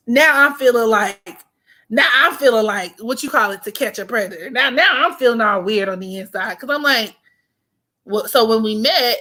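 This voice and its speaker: Bright-voiced woman telling a story. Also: on the high side, moderate pace. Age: 20s. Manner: animated, profane, slangy storytelling. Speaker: vlogger. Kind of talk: casual storytime chat.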